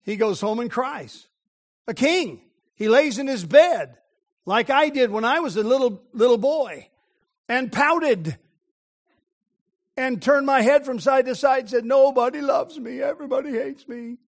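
A man preaching a morning sermon, telling scripture stories dramatically and slowing down to stress key words. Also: expressive. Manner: dramatic storytelling, slowing and dropping low for emphasis.

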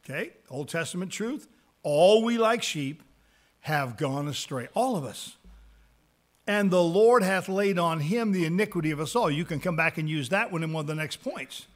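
A man with a high-pitched voice leads a Bible lesson on evangelism. He reads scripture aloud in a slow, deliberate way and then explains it in plain everyday words, repeating key words for emphasis. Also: expressive. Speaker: Bible teacher.

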